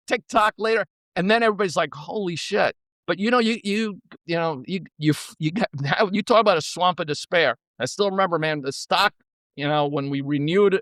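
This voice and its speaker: A man in a podcast interview, telling stories in an energetic, blunt way and swearing freely. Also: a little high, no echo. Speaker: podcast guest, former co-CEO. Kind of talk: casual storytelling.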